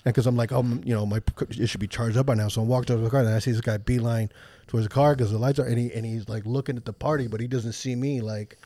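A man from Washington, D.C. tells stories as a comedian guest on a podcast, swearing freely and launching into loud voices for the people he describes. His voice sits at an ordinary middle pitch. The recording is close and dry, with no room sound. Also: quick pace, dry recording. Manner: profane, animated, acts out people in the story with a raised voice. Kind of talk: casual podcast storytelling.

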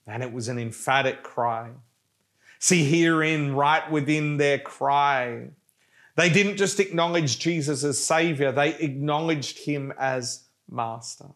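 A male pastor preaching a sermon with passion, at times dropping to a hushed, pleading prayer. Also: medium pitch, steady tone, unhurried.

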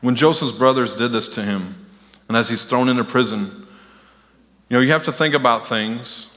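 A man's voice: mid-range voice, moderate pace, a bit bright. A man preaching a sermon as pastor, talking in a conversational way and slipping into mocking voices. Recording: long hall reverb.

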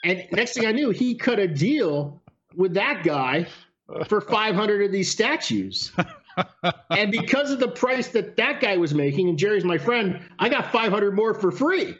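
Guy telling a story, bit high voice, bounces all over, kinda muffled recording. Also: unhurried. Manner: animated storyteller, swears casually. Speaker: podcast guest. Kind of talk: casual storytelling. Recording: lo-fi sound.

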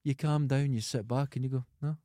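A Scottish man co-hosting a podcast, chatting casually and telling lively stories, often imitating other people. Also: medium pitch, brisk, no echo, studio quality. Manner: animated storyteller, imitates others. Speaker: podcast co-host. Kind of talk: casual chat.

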